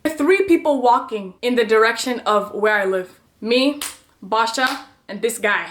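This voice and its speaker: A young woman telling a personal story to her channel in a chatty, animated, dramatic way. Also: fairly high pitch, measured pace, slight background noise. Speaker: vlogger. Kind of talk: storytime vlog.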